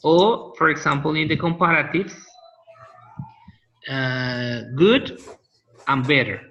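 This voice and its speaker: Male teacher, slightly high, bright tone, patient quizzing style, muffled call audio. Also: a little slow, a little hiss or hum. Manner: patient, asks students questions and repeats answers. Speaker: linguistics teacher. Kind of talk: classroom lecture over a call.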